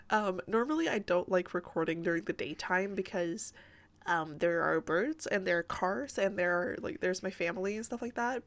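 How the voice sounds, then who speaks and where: Young woman, casual rambling voice-over, giggly, fillers, home mic. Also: mid-range voice. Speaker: Sims builder and YouTuber. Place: home room by day.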